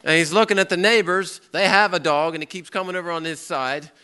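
Lively male pastor in a teaching sermon, bright, clear voice. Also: high-pitched, fairly quick. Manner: lively, asks the audience questions, acts out a story. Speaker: pastor teaching a Bible class. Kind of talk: interactive sermon with storytelling.

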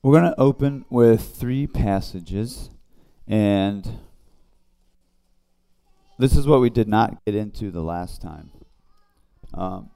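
A man leading an informal Bible study, talking in a conversational, halting way with many fillers and restarts. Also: on the low side, creaky, mellow, clear, resonant tone. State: briefly emotional. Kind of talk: informal devotional teaching.

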